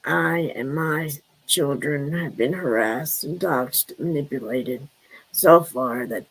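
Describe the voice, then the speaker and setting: A woman's voice: sits low, slow pace, breathy edge. A woman chatting casually on a live stream, rambling and answering her viewers' comments.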